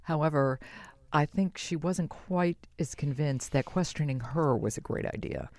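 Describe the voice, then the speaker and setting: An interviewer asking measured, admiring questions about a writer's work. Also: mid-range voice, darkish tone, no room sound, clean studio sound.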